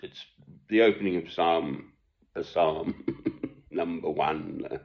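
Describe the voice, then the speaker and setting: Slow gravelly older man. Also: rumbling low, fairly even intonation. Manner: chuckling, meandering, self-deprecating. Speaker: online commentator. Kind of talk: rambling casual monologue. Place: home. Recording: dull lo-fi recording.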